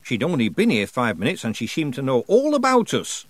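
A gossipy village woman , voiced by a male narrator, who leans in to share secrets with lively, rising inflections. Close, dry storybook reading. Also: mid-range voice, a little fast, no room sound, voice pushed up. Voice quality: gossipy, confiding.

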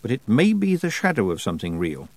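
A man doing a girl's calm inner voice. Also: fairly low pitch, quick pace, no echo.

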